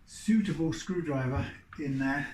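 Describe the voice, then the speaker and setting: A man's voice: on the high side, measured pace, a little mellow, slight background noise. A man working as a guitar technician, rambling and thinking aloud in casual commentary while he works at his bench. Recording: roomy workshop echo.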